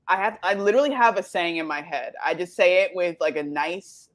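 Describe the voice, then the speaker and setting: A woman's voice: on the low side, brisk. A woman chatting casually as a podcast co-host, playful and emphatic. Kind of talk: casual chat.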